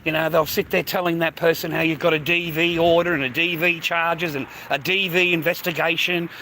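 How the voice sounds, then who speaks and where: A man holds forth on his own livestream in an emphatic, repetitive rant, calling the listener "mate" and "man" as he goes. His voice sits a little high and comes across bright and forceful. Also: little pitch movement, brisk, slight background noise, rough recording. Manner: peppers speech with "mate" and "man". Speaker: livestream host. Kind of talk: unscripted livestream talk.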